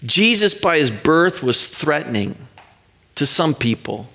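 A middle-aged man preaching, his slightly high voice worn with a gravelly fry. He speaks earnestly, slowing down and pausing so each point lands. Steady, plain sermon delivery. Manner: earnest, emphatic, drawn-out pauses for emphasis. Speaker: pastor.

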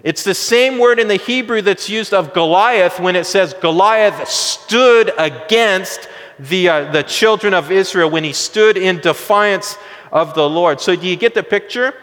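Male pastor, high-pitched, lively sermon delivery with acted-out quotes, long hall reverb. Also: a little slow. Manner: animated preaching, acts out quotes, chuckles at own asides.

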